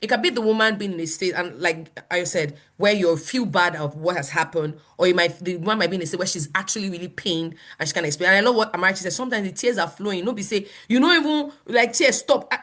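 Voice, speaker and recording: Animated Nigerian woman pastor. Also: medium pitch, quick pace, few pauses. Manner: animated, laughs often, quotes people in voices. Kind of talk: conversational teaching.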